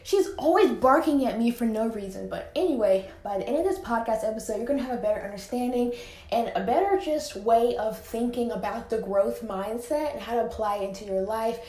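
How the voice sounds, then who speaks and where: A teenage podcast host chats casually by herself in a room at home, using many filler words and sounding a bit breathless. Her voice is a little high and dark in tone, fairly quick, with an echoey room sound.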